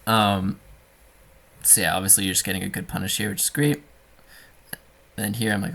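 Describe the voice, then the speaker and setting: A man coaching a student over gameplay in a relaxed, talky way, full of fillers and restarts. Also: on the low side, a little fast, creaky, long pauses.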